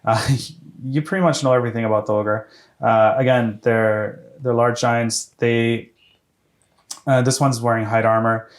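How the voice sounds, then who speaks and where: A man's voice: medium pitch, fairly even intonation. A man running a tabletop game as game master, losing his voice and talking with many restarts. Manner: halting, full of restarts and fillers. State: losing his voice, clearing his throat.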